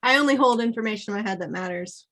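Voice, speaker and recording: A woman's voice: on the high side, rapid-fire, fairly bright tone, slight background noise. A woman co-hosting a casual movie podcast, playful and laughing often. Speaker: podcast co-host.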